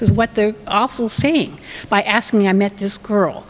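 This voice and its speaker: A woman's voice: medium pitch, moderate pace, in a large hall, poor audio. A woman giving a talk on family communication in a conversational way, acting out what parents and children say. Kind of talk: presentation with acted examples.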